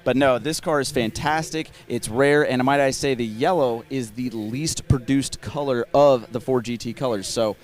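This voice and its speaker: A man's voice: medium pitch, normal speed, hardly any pauses. A man in his thirties, co-hosting live auction commentary and talking cars with chatty enthusiasm. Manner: enthusiastic, chatty car talk. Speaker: co-host commentator.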